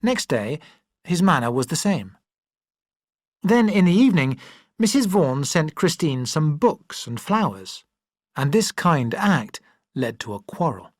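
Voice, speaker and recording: Lively audiobook narrator reading a classic, close mic, super dry. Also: mid-range voice, a little slow, no echo. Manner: expressive, shifting voices for characters. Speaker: audiobook reader.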